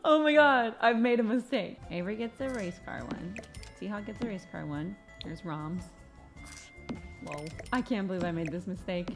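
A woman with a fairly low voice speaks at normal speed over music and background noise. Hosting a casual let's-play video, she talks to herself as she plays, often exclaiming and laughing.

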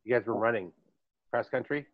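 A man's voice: medium pitch, a little fast, no room sound. A man hosting a podcast in casual chat, rambling through stories and laughing often. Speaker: podcast host. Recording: dull dry lo-fi recording.

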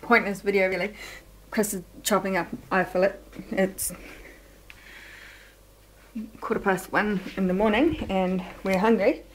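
Young woman, casual vlog, offhand and matter-of-fact, home kitchen, mid-pitched voice. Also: steady tone, unhurried, long pauses, slight background noise, poor audio. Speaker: vlogger. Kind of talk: casual chat.

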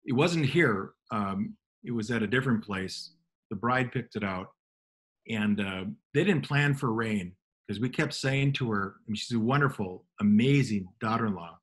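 A middle-aged man, a motivational speaker, telling relaxed self-deprecating anecdotes in conversation. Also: lowish voice, normal speed. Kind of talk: storytelling in a radio conversation.

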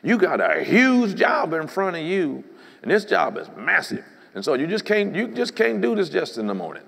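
A man's voice: high-pitched, wildly swooping pitch, normal speed, gravelly, fairly bright tone. A man preaching a sermon as a bishop, emphatic and rhythmic, often breaking in with "praise the Lord.". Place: church sanctuary. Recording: long hall reverb.

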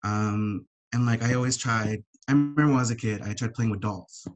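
A man's voice: on the low side, steady tone, brisk. A young man speaking heartfelt and emotional about his own life, swearing now and then as he gets upset. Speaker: panelist. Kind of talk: emotional personal sharing.

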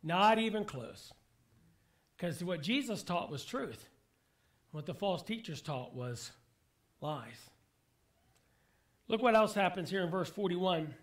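Man, pastor, very high voice, sermon, emphatic, rhetorical questions. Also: lively intonation, a little slow, pauses often, a bit bright. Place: church.

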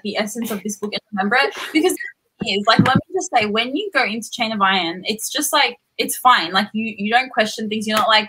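A young woman chatting excitedly about a book with friends over a video call, laughing often. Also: mid-range voice, slight background noise, rough recording. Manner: excitable, giggly, gushing. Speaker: book discussion guest. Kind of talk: casual chat. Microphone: headphones on a video call.

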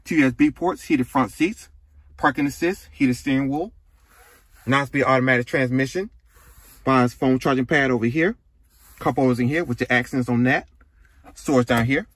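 A man's voice: mid-range voice, moderate pace, long pauses, a bit bright, dry recording. Man listing truck features in short phrases. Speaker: car reviewer. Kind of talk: casual car walkaround commentary. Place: car dealership lot and inside a truck.

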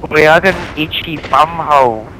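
A man's voice: a little high, normal speed, noisy background. A man rambling and joking crudely over online game voice chat, laughing at his own lines.

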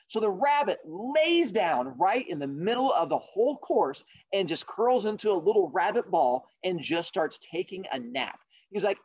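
Animated man telling a fable. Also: high voice, moderate pace, hardly any pauses, highs cut off. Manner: animated, jokey. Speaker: podcast host. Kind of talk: casual storytelling.

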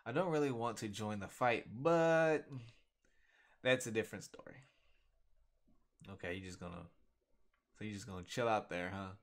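A man casually reacting to a webcomic, reading panels aloud with slangy, animated commentary from a home desk mic. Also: on the low side, normal speed, pauses often. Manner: animated, slangy, reads comic lines aloud. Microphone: desktop USB microphone.

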